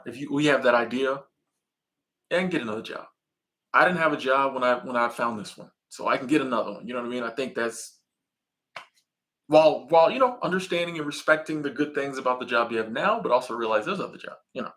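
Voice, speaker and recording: A man's voice: medium pitch, animated, fast talker, a bit bright. A man in his thirties hosting a casual live stream, reading viewer comments and chatting in a laid-back, slangy way.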